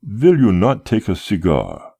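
A man reading the lines of a polite, unhurried man who calmly keeps a guest from leaving. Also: lowish voice, creaky, slightly rough, voice pushed up, heavily acted. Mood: calmly courteous. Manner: courteous, unhurried, unmoved.

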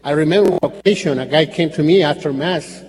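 Male priest, earnest sermon, slightly high voice, faint hall echo, light background hiss. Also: brisk, darkish tone. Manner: earnest, repetitive, with slips and restarts. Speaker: Catholic priest.

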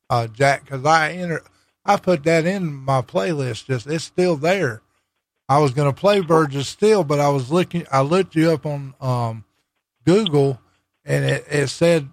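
A man with a Southern US accent hosts a casual radio interview as a DJ, chatty and easygoing. His voice sits a little high for a man and sounds dry and close. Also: no room sound. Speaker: radio DJ host.

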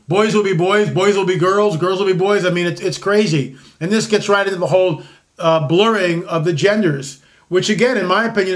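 60s guy ranting on his own show, sarcastic, keeps restarting, pretty high voice. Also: fairly bright tone. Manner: rambling, sarcastic, restarts often. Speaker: commentary show host. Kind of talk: opinionated solo commentary.

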